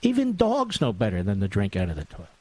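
A man's voice: fairly low pitch, huge pitch swings, fast talker, a little mellow, breathy edge, no room sound. A man hosting a talk radio monologue, sarcastic and mocking, with big theatrical swings in tone.

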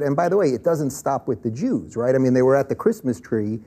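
Husky dark-voiced man debating. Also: medium pitch, animated, brisk. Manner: assertive, talks over others. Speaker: panel guest. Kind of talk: panel debate. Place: tv studio panel.

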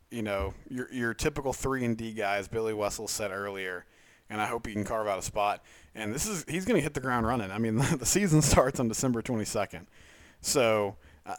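A man's voice: lowish voice, smooth, dry recording. A man hosting a solo sports podcast, talking casually with enthusiastic, chatty, self-mocking energy.

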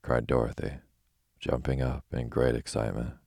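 Deep gravelly guy reading a bedtime story, calm and flat. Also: normal speed, dry recording, studio quality. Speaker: narrator.

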